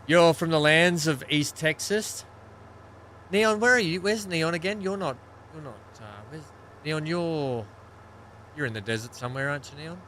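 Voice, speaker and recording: A man's voice: a little high, normal speed, a bit bright, slight background noise. A man hosting a live gaming stream, chatting casually and greeting viewers by name as he plays. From Australia.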